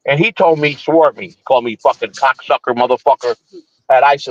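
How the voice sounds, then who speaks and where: A man's voice: on the high side, fast talker, dry recording, muffled recording. A man hosting a morning show, telling a long story in casual, profane, rambling talk with frequent restarts. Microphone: streaming setup.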